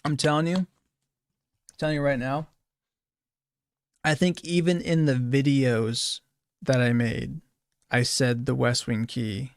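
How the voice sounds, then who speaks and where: A man's voice: medium pitch, steady tone, measured pace, pauses often, no room sound. A man giving casual commentary while practicing a game speedrun, thinking aloud, repeating phrases and correcting himself as he plays. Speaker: speedrunner streamer.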